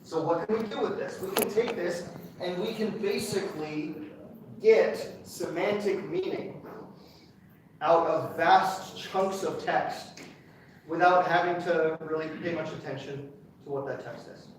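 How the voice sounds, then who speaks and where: A man's voice: sits high, measured pace, distant mic, noisy background. Chatty male lecturer in an echoey hall. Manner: chatty, enthusiastic, checks in with "okay?". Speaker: university lecturer. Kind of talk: classroom lecture.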